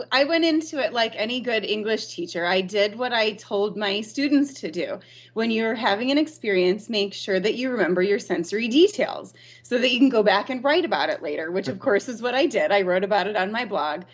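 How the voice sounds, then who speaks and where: A woman from Arizona, a teacher, telling stories in a podcast interview, lively and often laughing. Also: medium pitch, a little fast. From Arizona, USA. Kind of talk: storytelling in an interview.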